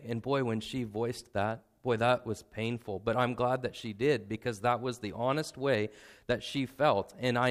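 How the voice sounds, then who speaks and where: A pastor with a medium-pitched voice delivers a sermon in an earnest, emotional way, sometimes almost in tears. His tone is conversational, full of repetition and frequent "right?" asides.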